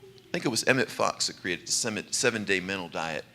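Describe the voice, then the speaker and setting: Male minister, bright and forceful voice, easygoing sermon delivery with frequent light laughs. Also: deep voice, expressive, a little fast. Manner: conversational and light, laughing often. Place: church sanctuary.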